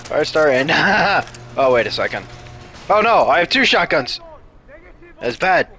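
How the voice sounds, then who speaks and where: A man's voice: on the high side, sing-song, takes it slowly, long pauses, a little hiss or hum. A man commentating his own gameplay, swearing at enemies and mocking himself. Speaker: gaming video host. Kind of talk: let's play commentary. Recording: commentary over loud gunfire.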